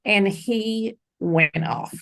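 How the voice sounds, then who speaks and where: A woman's voice: mid-range voice, extremely slow, gravelly, a bit bright. A middle-aged woman, a podcast guest, earnestly recounting a personal story in an interview.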